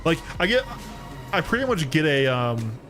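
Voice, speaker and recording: A man's voice: a little high, sing-song, moderate pace, a bit bright, soft background music. An American man streaming a game, chatting casually in a throaty, thick, slightly slurred voice with lots of restarts and self-deprecating asides. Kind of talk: casual chat while gaming. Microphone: studio microphone.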